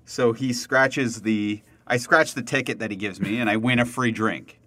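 A man's voice: mid-range voice, normal speed, no echo. Laughing man telling a story, dry sound. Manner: animated, laughing storyteller with many fillers. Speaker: podcast co-host telling a travel story. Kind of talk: casual podcast chat.

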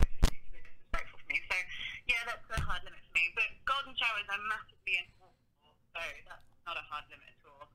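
A woman's voice: on the high side, sharp tone, poor audio. A British woman chatting casually as an interview guest, full of filler words. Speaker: podcast guest.

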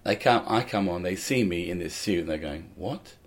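A man's voice: low-pitched, brisk. An older man, a comedian, telling stories in casual conversation with a dry, anecdotal manner. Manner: anecdotal, dry, acts out quoted lines. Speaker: comedian guest.

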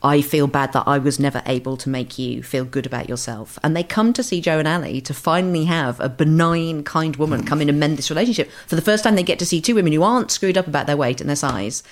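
A woman writer talking as a podcast guest in a lively way, acting out quoted voices. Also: sits low, quick pace, hardly any pauses. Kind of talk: animated podcast chat.

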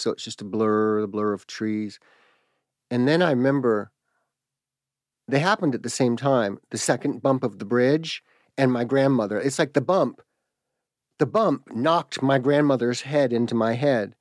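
A man telling a personal story in a halting, reflective way, pausing and restarting as he searches for words. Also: medium pitch, dry recording, clean studio sound.

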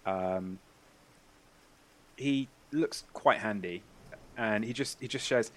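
A man as game master, narrating a tabletop role-playing game in a descriptive, halting way. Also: lowish voice, fairly bright tone. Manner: descriptive, halting with fillers and restarts.

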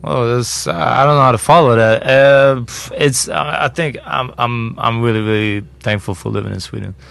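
A male podcast host in casual chat, talking haltingly with many restarts. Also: medium pitch, steady tone, vocal fry, a bit bright, clean tone, no room sound.

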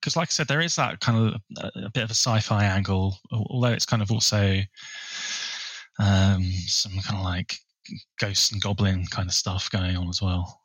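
A man co-hosting a podcast, chatting casually about a film and sharing bits of research in a relaxed way. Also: lowish voice, normal speed, no echo, low-quality recording. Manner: relaxed, shares researched trivia. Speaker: podcast co-host.

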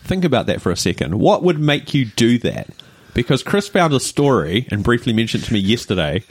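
A man's voice: medium pitch, big pitch swings, a little fast, slightly rough. A man co-hosting a casual podcast, joking around and asking playful questions. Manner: jokey, asks playful questions. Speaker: podcast co-host. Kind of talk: casual chat.

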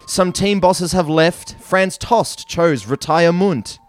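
A man's voice: high-pitched, takes it slowly, soft background music. A man co-hosting a comedy podcast, joking and reading a mock-earnest poem. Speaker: podcast co-host.

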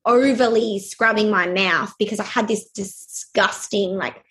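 A young adult woman telling a personal story in an interview, hesitant and halting with many fillers. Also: medium pitch, fairly bright tone.

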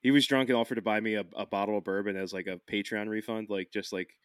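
A man from the Philadelphia area telling stories on a podcast, animated, laughing often and restarting his sentences. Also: lowish voice, fast talker, no echo, studio quality. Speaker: podcast host. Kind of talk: casual podcast chat.

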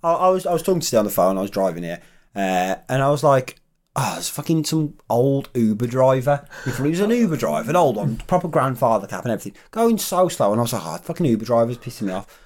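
Animated man telling stories. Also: mid-range voice, fast. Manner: animated, swearing storyteller. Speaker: podcast co-host. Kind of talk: casual chat.

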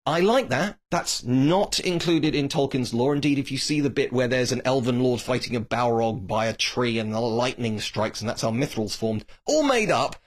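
A man's voice: medium pitch, animated, moderate pace, few pauses. A man giving a blunt, opinionated monologue about a TV series, with dismissive asides. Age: adult, grew up reading Tolkien. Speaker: TV series commentator.

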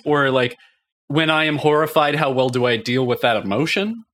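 A man's voice: fairly high pitch, normal speed, fairly bright tone. A man in casual comedic chat, giving silly answers with mock earnestness.

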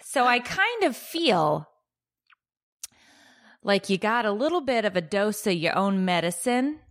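A woman's voice: mid-range voice, big pitch swings, unhurried, a bit bright. A woman co-hosting a podcast in casual chat, teasing her co-host in a dry way.

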